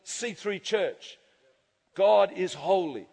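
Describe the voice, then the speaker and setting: A male pastor preaching an animated sermon to his congregation, acting out people's reactions and laughing often. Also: sits high, slow pace, creaky, breathy edge. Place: church hall. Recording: church hall reverb.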